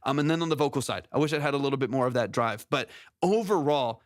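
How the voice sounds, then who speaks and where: A man's voice: mid-range voice, fast, no echo. A man hosting a music production stream, giving casual technical feedback on a song's mix, rambling and correcting himself as he goes, close on a compressed studio mic. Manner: rambling, self-correcting, sings demo syllables. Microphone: close studio mic with vocal compression.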